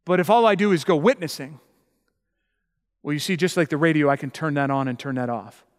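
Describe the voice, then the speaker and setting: A man preaching a sermon as pastor, emphatic and building to loud, passionate peaks. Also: fairly high pitch, brisk, big-room sound.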